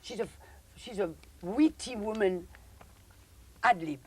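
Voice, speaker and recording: A woman's voice: takes it slowly, husky. An older woman with a French accent, a former film actress chatting flamboyantly in an interview and calling people darling. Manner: flamboyant, calls people darling, trails off in soft low asides. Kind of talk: casual interview chat.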